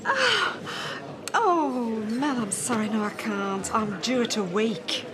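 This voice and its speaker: A motherly older woman in a TV soap, gushing and soothing. Her voice swoops high and low as she talks slowly and warmly to the people around her. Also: lively intonation, a crowd in the background. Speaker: grandmother. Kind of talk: television soap acting.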